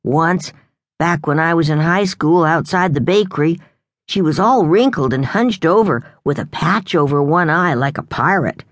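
A woman's voice: low-pitched, normal speed, no echo, studio quality, close to an everyday voice. A woman voicing a crude, dim young cop. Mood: needling.

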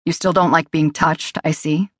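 A woman's voice: low-pitched, fairly even intonation, moderate pace, fairly bright tone, no echo, studio quality. A woman narrator voicing a curt, guarded man who speaks in clipped, irritable lines in a storybook reading.

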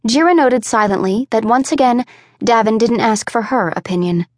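A woman narrating an audiobook in a measured, expressive way. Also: fairly high pitch, dry recording. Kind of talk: scripted narration.

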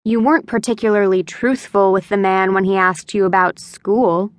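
A woman's voice: mid-range voice, steady tone, moderate pace, no echo, clean studio sound, close to an everyday voice. A woman voicing a stern, exasperated father scolding his daughter in an audiobook. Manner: sharp, scolding. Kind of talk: audiobook character voice.

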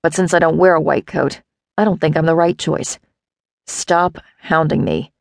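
Lady doing a deep growly guy, curt and fed up, slow and gravelly. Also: darkish tone, no room sound, clean studio sound. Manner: curt, dismissive. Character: gruff impatient man, security expert.

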